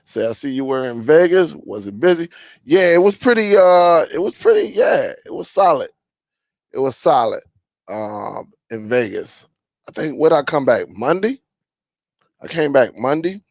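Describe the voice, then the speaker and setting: A man hosting a casual live stream chat, greeting viewers and reading their comments aloud in a relaxed, rambling way with many fillers. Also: fairly high pitch, normal speed, creaky, no room sound.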